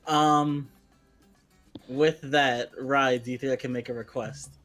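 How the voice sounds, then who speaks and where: A man's voice: mid-range voice, fairly even intonation, slow pace, fairly bright tone, soft background music. Hesitant man tabletop player. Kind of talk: casual tabletop chat.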